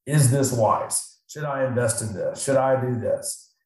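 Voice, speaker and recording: A man's voice: mid-range voice, unhurried. A middle-aged man who works as a financial advisor, talking casually and animatedly, often acting out his clients' voices. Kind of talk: casual podcast talk. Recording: very echoey room.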